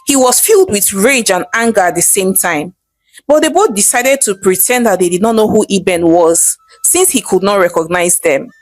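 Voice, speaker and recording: A woman with a Nigerian accent narrating a folktale in a lively, chatty way. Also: medium pitch, normal speed, no room sound, soft background music. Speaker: storyteller. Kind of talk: storytelling narration.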